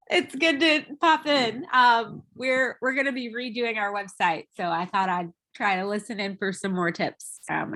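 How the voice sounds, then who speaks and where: A woman's voice: on the high side, pushed and bright. A woman joining a video call, cheerful and laughing as she talks. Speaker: caller, rancher. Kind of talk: casual Zoom group chat.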